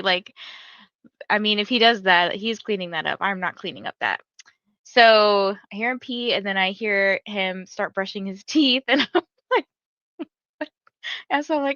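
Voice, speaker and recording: A woman's voice: mid-range voice, normal speed, pushed and bright, dry recording, dull audio. A young woman hosting a reading livestream, telling a story in chatty casual talk full of "like" fillers. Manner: chatty storytelling, many "like" fillers, laughs often. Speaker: livestream host of reading sprints. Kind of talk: casual chat to livestream viewers.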